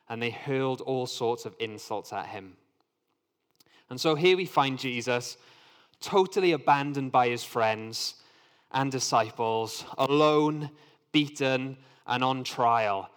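An earnest man reads scripture and explains it into a microphone. His voice sits at a middling pitch and stays conversational. A long hall reverb carries every line. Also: a little slow, fairly bright tone. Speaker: Bible teacher. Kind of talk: Bible reading and teaching.

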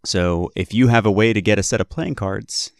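A man's voice: on the low side, moderate pace, vocal fry, no room sound, clean studio sound. A man playing a tabletop game who reads out and explains the rules in a casual, easy way. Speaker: player.

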